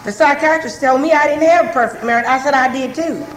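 Woman, high voice, plainspoken group testimony, roomy echo with faint hiss. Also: fast. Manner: conversational, frank, repeats herself often. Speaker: speaker sharing her story at a recovery meeting.

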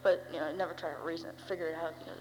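A teenage girl tells her own story in a loose, rambling way, full of fillers and dry asides. Her voice sits a little low for a girl. A long hall reverb and a faint hum hang behind her. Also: steady tone, racing. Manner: rambling, wry, full of "you know" and "uh". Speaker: speaker sharing her story. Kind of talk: personal recovery testimony.

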